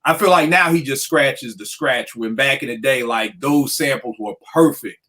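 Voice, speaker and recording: A man hosting a casual talk about hip hop beats, a producer telling stories in lively slang. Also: mid-range voice, moderate pace. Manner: animated storytelling with slang. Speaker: podcast host. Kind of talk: casual chat.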